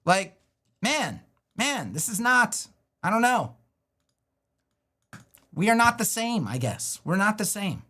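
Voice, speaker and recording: A man's voice: sits high, unhurried, pauses often. A middle-aged man teaching web design on a livestream, ranting with sarcasm and the odd swear, then walking through a screen demo. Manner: animated and ranting, with sarcastic put-on voices and profanity.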